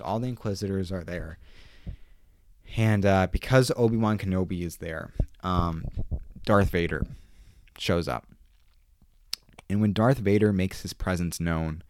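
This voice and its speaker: Excitable low-voiced man recapping a show. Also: dry recording, studio quality. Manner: excitable, emphatic, repeats himself. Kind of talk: casual episode recap.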